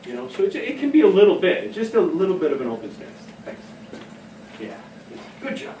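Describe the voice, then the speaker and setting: A man's voice: high-pitched, big pitch swings, brisk, background noise. A man leading a staff training session in a casual, storytelling way, often laughing at his own stories. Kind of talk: workshop talk. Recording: echoey room, heard from a distance.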